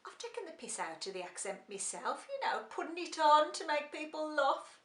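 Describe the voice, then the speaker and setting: A woman's voice: sits high, very animated, normal speed, a bit bright, roomy sound. An actress playing a middle-aged working-class woman turned executive, speaking with a Black Country accent in a wry, confiding monologue. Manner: wry, confiding, switches to a clipped posh work voice. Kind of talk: monologue drama.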